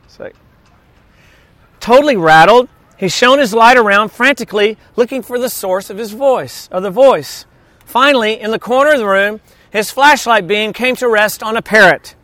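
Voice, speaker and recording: Guy preaching outdoors, high voice, super dry close sound, chatty storytelling sermon. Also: moderate pace, sharp tone, no echo. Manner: conversational, storytelling with humor. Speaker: pastor.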